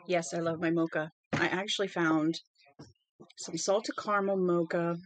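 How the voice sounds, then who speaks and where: Chatty woman, a little low-pitched. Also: steady tone, normal speed. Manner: rambling and chatty, talks to her dog in a high sing-song. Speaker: host reading a novel aloud. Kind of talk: casual chat before a book reading. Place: at home.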